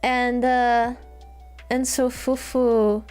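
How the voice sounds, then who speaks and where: A woman's voice: fairly high pitch, level tone, drawn-out words, darkish tone, clean tone, faint music behind. A woman streamer chatting casually with her viewers in a bubbly, giggly way, repeating her greetings again and again. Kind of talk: casual livestream chat.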